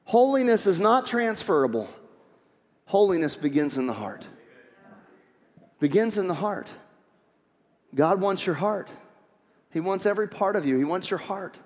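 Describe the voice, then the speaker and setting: A male pastor delivers a sermon in a high, ringing voice, hammering his points home by repeating them and coaxing his listeners along. The sound carries a long reverb tail. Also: sing-song, unhurried, pauses often. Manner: emphatic, repeats key phrases; coaxing calls to the congregation. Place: church sanctuary.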